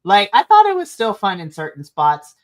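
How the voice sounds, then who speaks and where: A woman's voice: medium pitch, wildly swooping pitch, normal speed. A woman co-hosting a wrestling podcast, chatting casually, laughing often and acting out wrestlers' lines. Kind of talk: casual review chat. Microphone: streaming mic.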